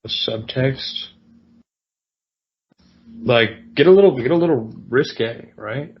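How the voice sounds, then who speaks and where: A man's voice: mid-range voice, animated, slow, dull audio, faint music behind. A man co-hosting a podcast in casual chat, rambling and self-mocking. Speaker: podcast co-host.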